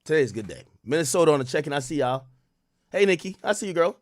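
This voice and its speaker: Young dude streaming, rambling to chat, super animated voice, dry close mic sound. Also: male voice, on the high side, fast talker, no echo. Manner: loose, chatty, reads and answers chat. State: worried about losing his voice. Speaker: livestream host. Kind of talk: casual livestream chat.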